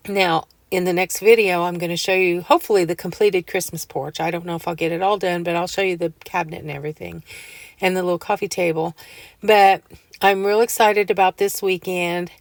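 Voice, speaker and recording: A woman's voice: on the low side, steady tone, fairly quick, no room sound. A woman chatting casually to viewers about decorating her home, telling homey stories and laughing often.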